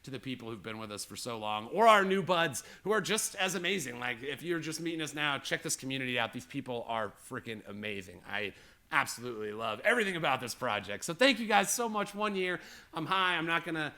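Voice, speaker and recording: Bright-voiced male game master host. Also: mid-range voice, big pitch swings, fast talker. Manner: rambling, heartfelt, full of fillers. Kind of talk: livestream show introduction.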